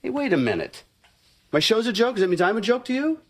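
An actor playing a blustery, joking sitcom father who hosts a TV tool show, teasing and quick to make a joke. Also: sits high, big pitch swings, a bit bright, husky, exaggerated voice. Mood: scolding. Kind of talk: sitcom acting.

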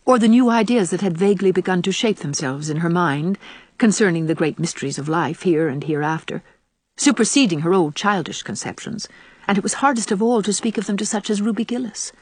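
A woman reads a story aloud in a measured, even manner. Her voice sits on the low side, breathy and husky, recorded close and dry. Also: no echo. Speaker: audiobook narrator. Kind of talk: scripted narration.

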